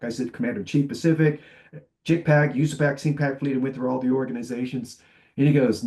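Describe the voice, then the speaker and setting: A man on a conference panel telling animated stories, acting out the voices of the people he quotes. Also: mid-range voice, fast. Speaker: panelist, tech executive.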